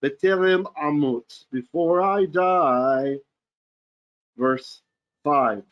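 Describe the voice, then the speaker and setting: In a loose online session on the weekly Torah portion, a man who is a rabbi chants Hebrew verses and renders them into joking, everyday language, clearing his throat again and again. He sounds a little high and animated, moving at a moderate pace.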